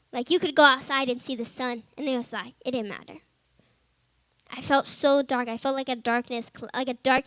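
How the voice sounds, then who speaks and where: High-voiced young woman sharing testimony. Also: dry recording. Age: young adult. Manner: informal, heavy use of "like" and "um"; earnest, soft and subdued in heavy moments. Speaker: Bible college student. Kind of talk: personal testimony to fellow students.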